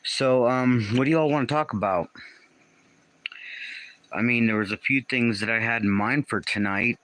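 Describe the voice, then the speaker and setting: This livestream host has a mid-range, slightly bright voice and talks at a moderate pace. Broadcasting casually from home, he welcomes viewers by name and puzzles over their comments as he reads and responds to them, frequently confused. The audio quality is poor.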